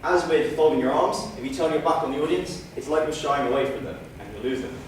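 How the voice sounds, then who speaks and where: A man giving a public speaking training speech on a stage, with wry asides. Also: fairly high pitch. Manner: demonstrates loud, soft, slow and fast delivery. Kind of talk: training speech to a live audience. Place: stage in a hall. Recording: echoey room, mic far off, faint noise.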